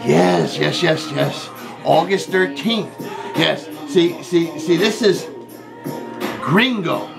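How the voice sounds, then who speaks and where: A man voicing a jokey male character called Cotton Man, who rambles, keeps saying "man" and "see", and shouts greetings in a homemade birthday video. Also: fairly high pitch, slow pace, gravelly, over music, full character voice. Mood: rambling cheerful.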